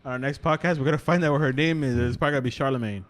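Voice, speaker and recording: A man in his thirties co-hosting a casual comedy podcast, joking around and bursting into loud laughter. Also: medium pitch, very fast. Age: 30s. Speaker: podcast co-host.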